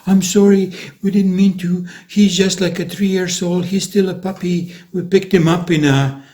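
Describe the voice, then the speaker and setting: A frightened dog owner pleads and apologizes in a high, raised voice, as a man puts them on while telling a story. The figure sounds flustered and anxious. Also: steady tone, normal speed, mellow, close to an everyday voice. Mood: apologetic.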